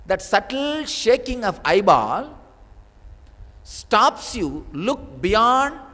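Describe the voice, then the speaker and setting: A man's voice: sits high, sing-song, very slow, sharp tone. Man preaching in a reverberant hall. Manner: storytelling, with sudden bursts of emphasis. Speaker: spiritual teacher. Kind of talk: spiritual discourse. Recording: long reverb of a large hall.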